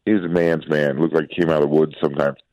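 A man chatting casually as a podcast co-host, telling animated stories about his young daughter. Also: extremely low pitch, racing, no room sound, highs cut off. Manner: animated storytelling, mimics his toddler's voice. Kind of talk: casual chat.

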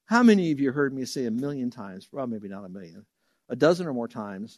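Animated preacher man, dry close sound. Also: mid-range voice, moderate pace, dry recording. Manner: animated storytelling, acts out voices loudly. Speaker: pastor. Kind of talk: sermon.

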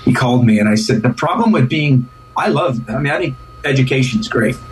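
A man's voice: medium pitch, expressive, a little fast, recorded from a distance, a little hiss or hum, rough recording. A man who is a pastor, speaking as a guest in an earnest, casual interview, often repeating and restarting words.

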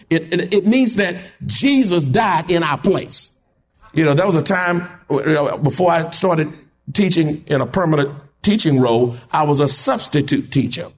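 A man preaching a sermon in a church, calling out to the congregation and building to fervent shouts. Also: sits high, breathy edge. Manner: call-and-response preaching, rising to shouts. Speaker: pastor.

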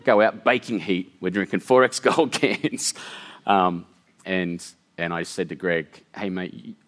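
A man's voice: deep voice, unhurried, fairly bright tone. A middle-aged man telling an emotional personal story, earnest and tumbling, with many fillers and restarts. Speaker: guest storyteller.

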